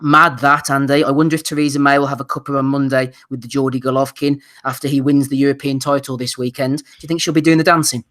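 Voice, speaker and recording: A man's voice: mid-range voice, little pitch movement, quick pace, few pauses, fairly bright tone. A British man co-hosting a casual boxing podcast, reading out listener nominations and laughing readily. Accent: British English. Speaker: podcast co-host.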